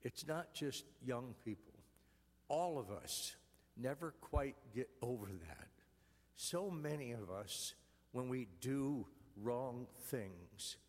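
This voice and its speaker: A man, a priest, giving an earnest, gentle homily in a church. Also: mid-range voice, expressive, slow pace, long reverb tail.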